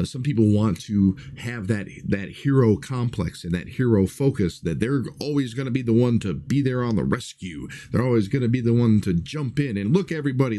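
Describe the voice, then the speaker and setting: A man's voice: fairly low pitch, mellow. A man talking casually to his livestream viewers, earnest and rambling, with many fillers and restarts. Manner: earnest, reflective.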